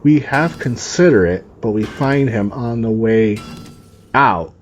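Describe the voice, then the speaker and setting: A man's voice: mid-range voice, lively intonation, slow pace, a little hiss or hum. A man reading a story aloud and breaking in with profane, sarcastic asides. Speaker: story reader and commentator. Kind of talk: reading a story aloud with reactions over gameplay.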